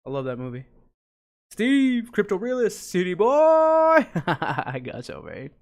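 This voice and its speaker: A man's voice: a little high, big pitch swings, fairly quick. A young man hosting a casual live stream, hyped and greeting viewers by name. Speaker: livestream host.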